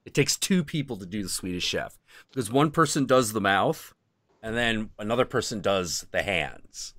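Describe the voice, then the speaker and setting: Lively, low-voiced male stream host. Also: moderate pace, dry recording, studio quality. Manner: loose and profane, with lots of fillers. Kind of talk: casual chat.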